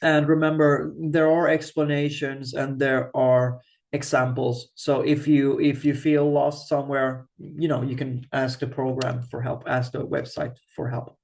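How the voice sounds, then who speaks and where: Slow, patient male language teacher. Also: mid-range voice, little pitch movement, creaky, a little mellow. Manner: thinks aloud, slow and patient, frequent restarts. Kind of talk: screen-share grammar lesson.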